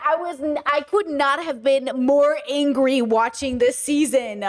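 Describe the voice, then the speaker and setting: A woman's voice: high-pitched, fairly even intonation, measured pace, few pauses. A woman streamer reacting to a video, ranting bluntly and swearing in casual chat.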